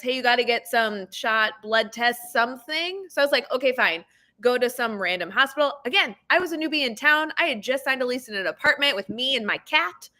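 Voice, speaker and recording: A woman educator speaks as a panel guest, and she is a chatty talker. Her voice sits a little high and sounds bright. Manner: chatty, self-described talker. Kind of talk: casual storytelling.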